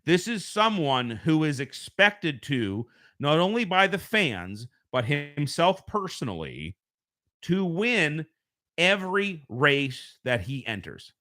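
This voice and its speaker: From his home, a US man hosts a laid-back live stream on a home streaming mic. He talks slowly in a high-leaning, very animated voice with a bright, forceful tone. His delivery is rambling and conversational, with repeated self-corrections.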